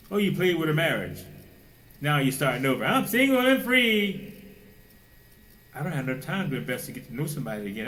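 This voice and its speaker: A man preaching a sermon with fervor, firing rhetorical questions and now and then mocking people in a high, put-on voice. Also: a bit bright, poor audio.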